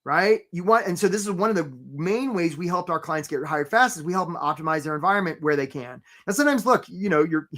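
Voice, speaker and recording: A man's voice: high-pitched, fast, few pauses, a bit bright. A man hosting a live career webinar, talking in an upbeat, conversational way, greeting attendees by name and often asking "right?". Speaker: webinar host and career coach.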